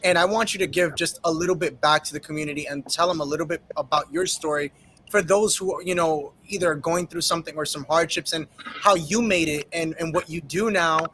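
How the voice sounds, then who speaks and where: A man hosting a casual panel chat, eager and excitable. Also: a little high, a little fast, a little hiss or hum. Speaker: host.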